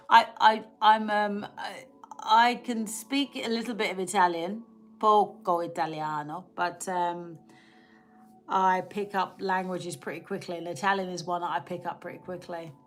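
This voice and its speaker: A woman's voice: on the low side, steady tone, a little slow, slight background noise. A woman hosting a casual live stream, chatting with viewers, laughing often and reading out their comments. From England.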